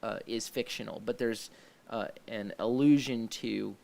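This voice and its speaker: A man's voice: lowish voice, steady tone, unhurried, creaky, darkish tone. A man hosting a casual church discussion show, rambling with many restarts and fillers.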